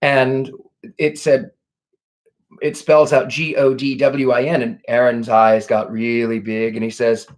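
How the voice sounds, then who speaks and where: A man's voice: mid-range voice, little pitch movement, measured pace. A man, a psychic, hosting a live question-and-answer chat in a genteel, effusive way.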